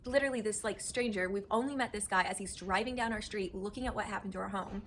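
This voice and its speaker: A woman talking in a casual home vlog, close to tears and gushing with gratitude, with halting restarts. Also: mid-range voice, fairly bright tone, a little hiss or hum, poor audio. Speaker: vlogger and wife. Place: home kitchen.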